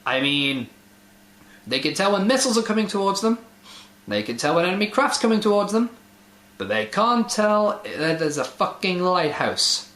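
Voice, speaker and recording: A man's voice: sits high, very animated, normal speed, a bit bright. A man hosting a casual online video, sardonic and swearing freely as he comments, in an echoey room. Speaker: host.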